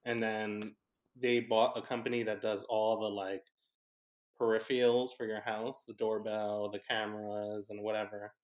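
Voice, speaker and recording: A man's voice: fairly low pitch, flat delivery, moderate pace. A young man co-hosting a podcast, chatting enthusiastically and rambling off track. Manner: enthusiastic, rambling, loses his train of thought. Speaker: podcast co-host. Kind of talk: casual chat.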